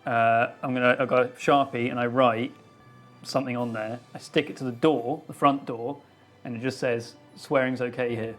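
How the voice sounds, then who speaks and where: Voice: medium pitch, fairly even intonation, moderate pace, faint music behind. A player in a tabletop game who describes their moves in the first person, playfully.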